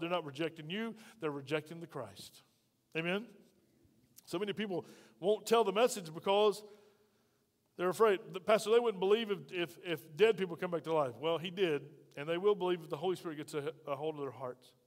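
Male pastor, high voice, emphatic sermon style, heavy hall reverb. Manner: emphatic, with frequent rhetorical questions to the congregation. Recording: long reverb of a large hall.

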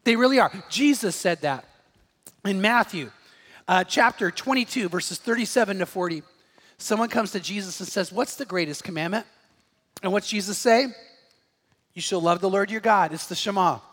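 A man's voice: high-pitched, moderate pace, a bit bright, long reverb tail. A man, a pastor, preaching a sermon, telling a story with emphatic bursts on key points.

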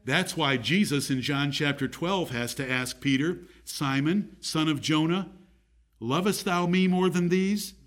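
A man's voice: on the high side, a little slow. A man preaching a sermon, rising emphatically on key points.

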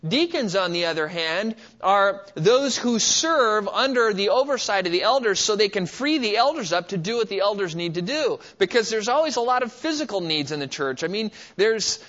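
A pastor preaches a sermon in a somewhat high male voice. He tells his stories at an easy pace, pausing often on filler words. The recording sounds muffled and lo-fi. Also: very animated, a bit bright. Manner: storytelling, with frequent filler pauses. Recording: dull lo-fi recording.

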